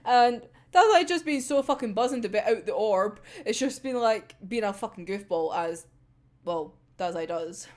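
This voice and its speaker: A woman's voice: medium pitch, animated, moderate pace. A young woman giggling and swearing freely as she recaps an anime episode, acting out the characters' lines. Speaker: anime reviewer. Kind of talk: casual episode discussion.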